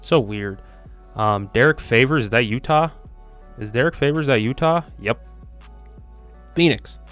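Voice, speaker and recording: A man's voice: mid-range voice, unhurried, a bit bright, soft background music. A young man hosting a quiz video, chatting casually and thinking aloud with lots of ums and self-mocking asides. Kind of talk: casual commentary while playing a quiz.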